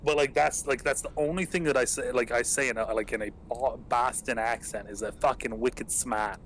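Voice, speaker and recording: A young man from England talks through a casual podcast chat, circling his stories with fillers and frequent swearing. His voice sits at an ordinary middle pitch. A faint hiss of noise runs under the recording. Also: steady tone, brisk, fairly bright tone, poor audio. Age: young adult. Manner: profane, rambling storyteller with many fillers. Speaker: podcast host.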